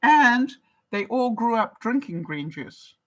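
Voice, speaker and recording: A woman's voice: fairly high pitch, sing-song, takes it slowly, a bit bright, low-quality recording. An older woman from Canada talks casually to her viewers as she answers their comments. She chats along easily, laughs often and keeps asking her audience questions. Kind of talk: casual live-chat talk.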